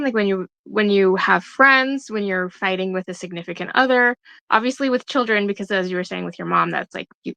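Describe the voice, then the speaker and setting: A woman co-hosting a casual podcast conversation, listening with soft affirming murmurs and reflecting on what she heard. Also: mid-range voice, dry recording.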